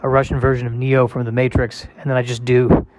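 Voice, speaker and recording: A man's voice: medium pitch, completely flat delivery, fairly quick, darkish tone, no room sound. A male comedian in a casual solo monologue, rambling and self-deprecating with a wry tone.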